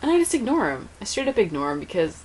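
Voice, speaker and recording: A woman's voice: medium pitch, very animated, fast, a little mellow, a little hiss or hum, rough recording. A young woman casually telling a story about her dad on a family trip. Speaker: vlogger.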